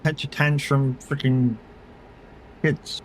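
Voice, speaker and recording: A man's voice: mid-range voice, flat delivery, slow, slight background noise. A middle-aged man, chatting casually and rambling as he streams a driving game, swearing and laughing often. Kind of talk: casual chat while gaming.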